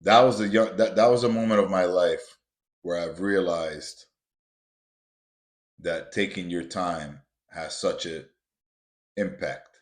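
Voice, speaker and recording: A low-voiced man hosts a podcast and tells a motivational story from his own life. He talks casually to his listeners and calls them guys. He builds to emphatic, repeated points, and the room around him echoes. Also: steady tone, takes it slowly, pauses often. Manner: builds to emphatic, repetitive punches. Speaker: podcast host. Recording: roomy echo.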